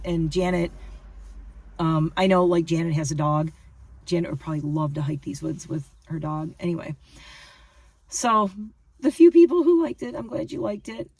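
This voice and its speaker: A woman's voice: lowish voice, darkish tone, no room sound, distant mic. A woman rambling through a casual vlog monologue, chatty and self-deprecating. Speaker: vlogger.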